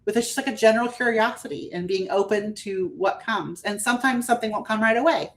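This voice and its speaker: A woman guesting as a spiritual life coach on a podcast, talking in a gentle, earnest, reflective way. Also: medium pitch, brisk. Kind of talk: podcast conversation.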